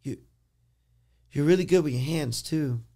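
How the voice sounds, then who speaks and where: A man quoting a calm, soft-spoken stranger. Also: on the high side, measured pace, gravelly. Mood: calm, earnest.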